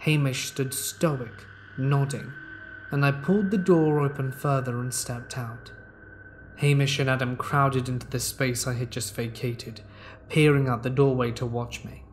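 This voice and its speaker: A man of middle pitch narrates a horror story in the first person, keeping his reading calm and measured. A faint ambient hum sits under his voice. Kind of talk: scripted narration of horror stories.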